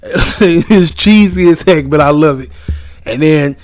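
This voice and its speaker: A man's voice: a little high, slow pace, a little mellow, no echo. A man hosting his own wrestling review channel, ranting in a blunt, emphatic, casual way.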